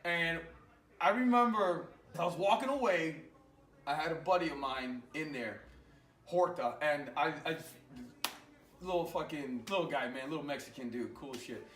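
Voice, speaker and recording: A man, an Army veteran, telling an animated, profane war story in casual conversation in a garage. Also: on the high side, moderate pace, roomy sound, recorded from a distance.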